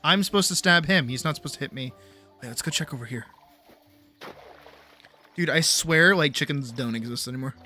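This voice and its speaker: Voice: medium pitch, fairly quick, long pauses, pushed and bright, faint music behind. A young adult game streamer chatting casually and swearing freely while playing. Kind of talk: casual gameplay commentary.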